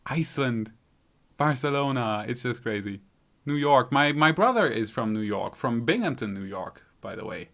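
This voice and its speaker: A man's voice: mid-range voice, lively intonation, moderate pace, gravelly, a bit bright. A man from Germany with a light German accent, hosting a casual live stream, thinking aloud as he fiddles with settings and reads out viewers' comments. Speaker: YouTube channel host.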